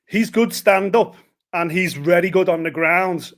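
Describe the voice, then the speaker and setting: A man interviews a guest with long, chatty, winding questions, his voice pitched notably high. He talks in a casual, easygoing way. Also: unhurried.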